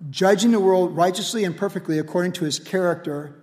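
A man preaching a sermon as pastor, energetic and casual, building repeated refrains. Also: sits high, brisk. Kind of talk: radio sermon. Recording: long hall reverb.

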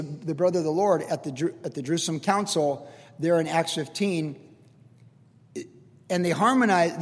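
An older pastor with a high-pitched voice preaches a sermon, teaching earnestly and conversationally with casual asides. His words ring out in a long, reverberant hall.

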